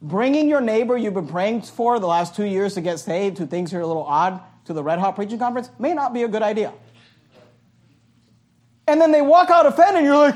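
High-voiced animated male pastor preaching. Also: a little fast. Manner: animated, joking, at times shouting. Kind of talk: sermon.

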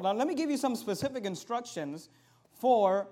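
A man with a very high voice delivers a sermon to his church. He moves between calm, plain teaching and loud, emphatic peaks of preaching. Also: moderate pace. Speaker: pastor.

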